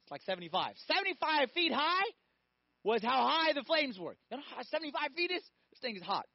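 A man's voice: very high-pitched, big pitch swings, fairly quick, gravelly, no room sound, highs cut off. A man preaching a sermon, telling stories animatedly, acting out voices and asking the audience questions.

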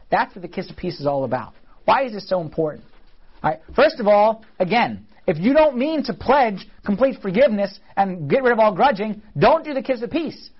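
High-voiced man teaching a class. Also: slightly rough, lo-fi sound. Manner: conversational, asks the class questions. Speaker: church teacher. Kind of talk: casual teaching talk on liturgy.

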